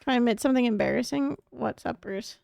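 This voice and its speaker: A woman's voice: a little high, fast talker, creaky, a little mellow, no echo, studio quality. A woman from Canada streaming a game and chatting playfully with her viewers. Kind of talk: casual chat while streaming a game.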